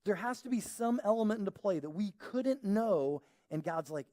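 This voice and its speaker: Animated high-voiced male pastor. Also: moderate pace. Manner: animated, conversational, acts out quoted voices. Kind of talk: sermon. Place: church auditorium.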